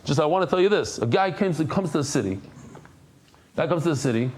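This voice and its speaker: There's a slight hiss or hum behind this man's slightly high, rapid-fire voice as he teaches a Daf Yomi Talmud session. He spins animated tales, impersonating characters and weaving in Hebrew and Yiddish words.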